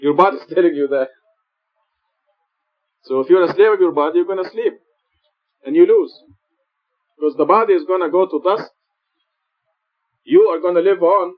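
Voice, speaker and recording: A man preaching in a mosque, earnest and explanatory, repeating his points for emphasis. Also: a little high. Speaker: preacher teaching Quran study. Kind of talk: sermon. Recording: dull lo-fi recording.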